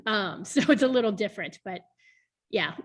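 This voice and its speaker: On a casual video call, a woman in her thirties who sits on a board is interviewed and talks frankly about her past. Her medium-pitched voice is animated at a moderate pace, and she laughs often.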